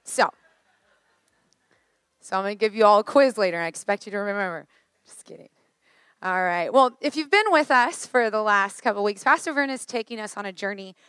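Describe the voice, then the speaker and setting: A woman in her thirties preaching a sermon, chatty and joking, her voice a little worn and hoarse. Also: mid-range voice, a little fast, pauses often, no room sound. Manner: chatty, joking, lively asides. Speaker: pastor.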